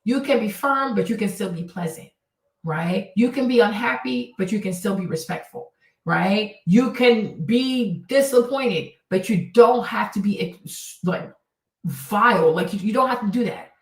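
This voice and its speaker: A woman's voice: mid-range voice, unhurried, far from the mic. A woman host giving casual, blunt advice in an emphatic monologue, repeating her points and swearing freely. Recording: roomy sound from off-mic.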